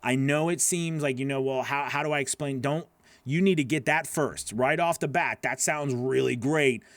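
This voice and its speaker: A man's voice: mid-range voice, moderate pace, fairly bright tone, dry recording. A man coaching voice-over artists, reviewing their work live in a chatty, encouraging way with lots of fillers.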